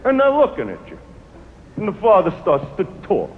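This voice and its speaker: A man's voice: high voice, sing-song, a little fast, narrow, tinny audio, background noise. A male stand-up comedian doing crude, brash crowd work with a swaggering manner on a stage before a large live audience.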